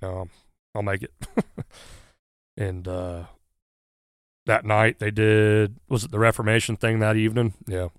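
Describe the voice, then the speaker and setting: A firefighter, telling a personal story in casual conversation, pausing often with fillers. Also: male voice, on the low side, flat delivery, clean tone, no room sound, studio quality. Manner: halting, many "uh" fillers, earnest. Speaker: guest, firefighter.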